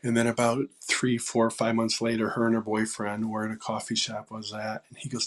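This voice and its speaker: A man in his sixties, a songwriter guest, telling stories in a casual interview, halting with fillers and dropping to a whisper for quoted lines. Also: fairly low pitch, level tone. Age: 60s.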